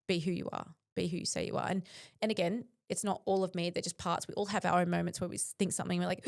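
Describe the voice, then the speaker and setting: A woman's voice: mid-range voice, clear, resonant tone. Earnest, intense woman. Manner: earnest, intense, with frequent fillers. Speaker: podcast guest, bodybuilder. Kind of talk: reflective interview talk.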